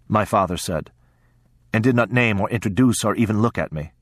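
A low-pitched man narrates a first-person story in a measured, steady audiobook reading. The sound is close and dry, with no room echo. His delivery stays even and unhurried.

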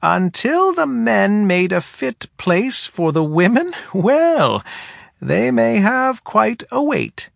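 A man's voice: sits high, very animated, slow, creaky, fairly bright tone, no room sound, clean studio sound, pitched above the performer's own voice, heavily acted. A man voicing the scornful elder woman who leads a small forest people, in a mocking, incredulous tone. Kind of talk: audiobook character voice.

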